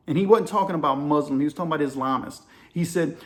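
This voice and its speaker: A man's voice: fairly high pitch, rapid-fire, few pauses. A man talking casually and persuasively to his viewers, calling them y'all as he hosts his own channel. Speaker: channel host. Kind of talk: casual opinion monologue to camera.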